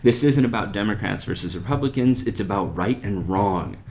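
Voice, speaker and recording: A man hosting an opinion podcast, talking in an animated, sarcastic way with sharp jumps in pitch on his rhetorical questions. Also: normal speed, creaky. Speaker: podcast host. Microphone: desktop USB microphone.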